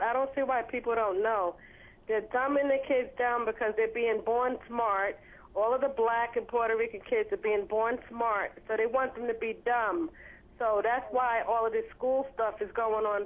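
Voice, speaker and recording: A woman's voice: fairly high pitch, steady tone, normal speed. A woman calling in to a radio show, rambling and repeating herself with many fillers. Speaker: caller. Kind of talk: call-in radio talk. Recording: phone line on radio.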